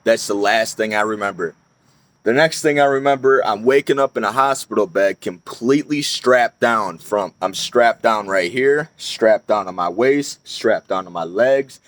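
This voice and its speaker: A man's voice: lowish voice, moderate pace, a bit bright, dry recording. A young man telling a personal story in a casual, rambling way, swearing often and restarting his sentences. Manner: rambling, profane, frequent fillers and restarts.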